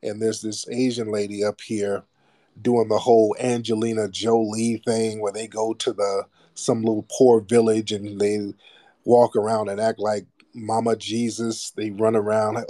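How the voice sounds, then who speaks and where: Blunt, low-voiced male call-in host. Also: flat delivery, a little slow, warm tone, no echo. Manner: blunt, profane, preachy commentary. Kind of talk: casual call-in show monologue.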